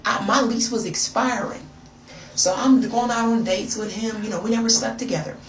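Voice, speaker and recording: A woman's voice: a little high, moderate pace, reverberant, recorded from a distance, a crowd in the background, low-quality recording. An American woman telling a wild story in a casual, gossipy way, calling the listener girl. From United States.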